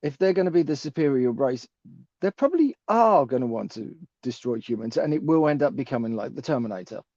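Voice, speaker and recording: A man's voice: medium pitch, lively intonation, fairly quick, darkish tone, no echo. A man co-hosting a casual live chat, speaking in a matter-of-fact way. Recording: dull lo-fi sound.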